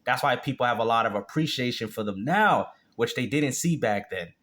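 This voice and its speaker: A man's voice: mid-range voice, expressive, brisk, fairly bright tone. A man hosting a reaction video, mocking and cursing in blunt, casual commentary. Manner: blunt, mocking, profane trash talk.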